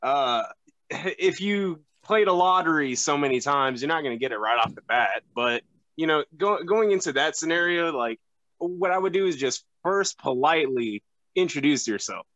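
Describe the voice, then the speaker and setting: A young man chatting on a podcast as a guest, halting and full of fillers and restarts. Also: fairly high pitch, lively intonation, a bit bright, no echo, dull audio. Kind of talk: casual podcast chat.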